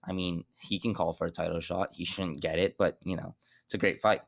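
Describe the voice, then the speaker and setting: A man's voice: low-pitched, flat delivery, brisk, gravelly. A young man co-hosting a podcast, giving blunt, joking opinions in casual sports chat. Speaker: podcast co-host.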